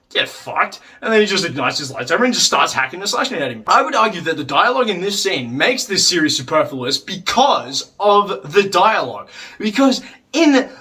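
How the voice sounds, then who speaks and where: A man with a high, bright voice talks through a casual review, rambling and peppering his sentences with "like" and the odd swear word. He sounds somewhat distant from the microphone. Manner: rambling, heavy use of "like", swears, acts out quotes. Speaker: video reviewer.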